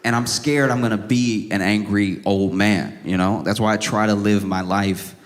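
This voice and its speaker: Animated male stand-up comic in a hall. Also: moderate pace. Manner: animated storytelling, rising to high-pitched exasperation. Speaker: stand-up comedian. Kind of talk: stand-up set. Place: comedy club stage with a live audience. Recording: live venue with long reverb. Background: audience laughter.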